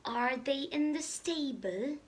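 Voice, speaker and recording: A woman voicing a small cheerful puppy boy in a read-aloud storybook, with bright, eager questions. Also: high voice, animated, slow, a little hiss or hum. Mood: curious.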